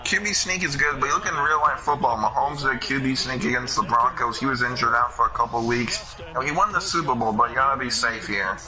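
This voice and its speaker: A man casually commentating a football video game with a friend, chatty and quick to laugh at his own slips. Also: medium pitch, a crowd in the background, low-quality recording.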